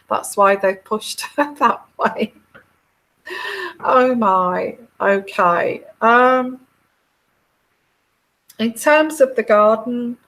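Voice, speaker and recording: A woman's voice: fairly high pitch, fairly bright tone. A middle-aged woman, talking casually as a tarot reader, chatty and giggly, with many fillers and restarts. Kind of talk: casual monologue.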